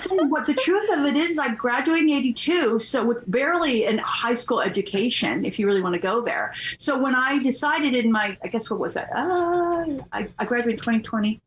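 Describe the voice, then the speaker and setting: Woman, 50s, podcast guest, animated storyteller, fairly high voice, faint background noise. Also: moderate pace, hardly any pauses, rough recording. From California. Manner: animated and chatty, laughs through her stories. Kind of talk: candid conversational storytelling.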